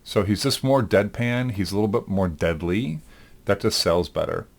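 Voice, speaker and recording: Low-voiced male instructor thinking aloud. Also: normal speed, vocal fry, background noise. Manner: thinks aloud, relaxed, with frequent ums. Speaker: animation instructor. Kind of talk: recorded lecture demonstrating software.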